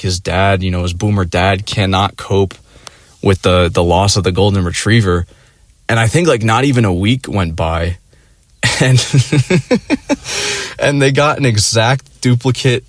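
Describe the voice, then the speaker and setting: Young man, lowish dry voice, rambling and profane, casual rant. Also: a little slow, dry recording. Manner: rambling, profane, many fillers.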